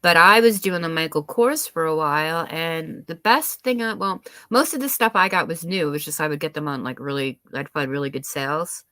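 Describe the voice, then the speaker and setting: A woman's voice: deep voice, a little fast, few pauses, sharp tone, no room sound. A woman chatting casually on her live stream, rambling with lots of fillers and restarts, her nose a little stuffy. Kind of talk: casual chat.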